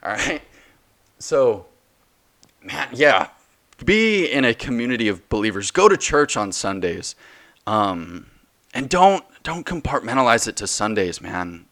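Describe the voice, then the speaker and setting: A man's voice: mid-range voice, very animated, a little slow, fairly bright tone. A man in his twenties hosting a solo faith podcast, talking passionately and preachily, with many restarts. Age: 20s. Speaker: podcast host.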